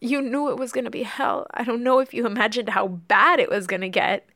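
A woman's voice: a little high, fairly even intonation, fairly quick, a bit bright, no room sound, clean studio sound. A woman co-hosting a podcast, telling her own story in a candid, openly emotional way. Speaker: podcast co-host. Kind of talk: candid personal conversation.

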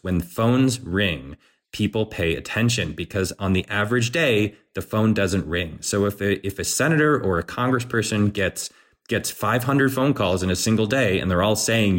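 A man's voice: lowish voice, fairly bright tone. A man co-hosting a podcast, giving casual political commentary in an earnest, conversational way with playful quoted asides. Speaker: podcast co-host.

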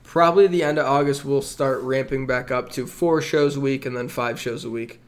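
A man of middling pitch hosting a sports podcast, talking in a steady, measured way. He keeps things on track with an even, plain delivery. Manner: steady, measured, runs the show's agenda. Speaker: podcast host.

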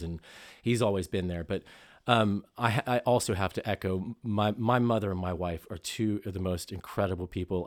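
A man from Chicago hosting a casual panel chat, halting and emotional, often repeating his words. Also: lowish voice. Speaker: host.

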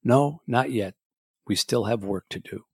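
A man voicing a gravely ill older man who talks softly and calmly, close to a whisper. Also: medium pitch, measured pace. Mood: weak. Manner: weak, whispered, serene. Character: frail old man, gravely ill, calm.

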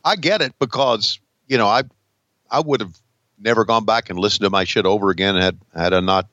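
A man's voice: fairly low pitch, fairly quick, fairly bright tone, no room sound, muffled recording. A man co-hosting a podcast, chatting casually and agreeably while watching wrestling.

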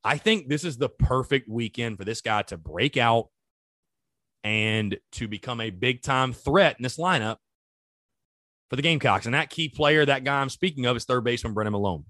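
A man's voice: mid-range voice, normal speed, a bit bright, no room sound. A man hosting a sports podcast, talking casually and animatedly straight to his listeners. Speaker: podcast host. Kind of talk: solo sports podcast talk.

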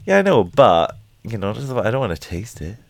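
A man's voice: lowish voice, very animated, moderate pace, creaky, no echo. A man co-hosting a podcast in casual chat, dry and teasing in manner. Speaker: podcast co-host.

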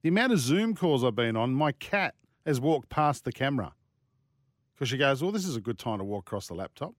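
A man's voice: mid-range voice, sing-song, brisk, no room sound, studio quality. A man co-hosting a radio sports show, chatting casually, teasing his co-host and reading live ad plugs. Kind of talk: casual studio banter. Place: radio studio. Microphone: studio microphone.

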